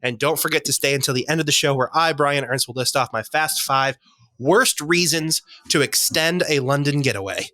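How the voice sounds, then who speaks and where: A man's voice: on the high side, bright, forceful tone, no room sound. A man hosting a comedy podcast, joking and laughing as he reads promos and introduces the contestants. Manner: jokey, reads promos quickly, laughs often. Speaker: host.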